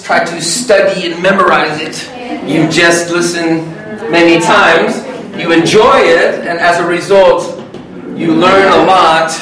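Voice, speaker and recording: A man's voice: sits high, fairly bright tone. A man leading an English workshop for teachers and students, showing rhythm and intonation by saying phrases aloud. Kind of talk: live classroom workshop teaching. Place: large hall with an audience. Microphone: far from the microphone. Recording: echoey hall, voice from far off.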